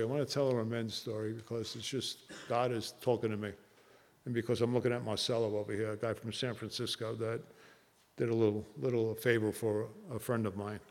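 Man with a New Jersey accent, earnest meeting speaker, halting with fillers, mid-pitched, long hall reverb. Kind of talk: personal storytelling talk.

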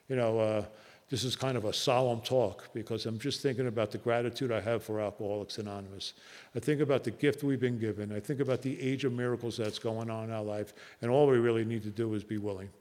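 A man with a New Jersey accent speaking at a recovery meeting, telling a personal story earnestly and haltingly, with many fillers. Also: medium pitch, a little mellow. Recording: long hall reverb.

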